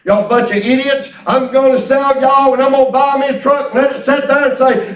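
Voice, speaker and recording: A man preaching a storytelling sermon, animated and exclamatory, often breaking into laughter. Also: very high-pitched, brisk, few pauses. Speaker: pastor. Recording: roomy hall, mic at a distance.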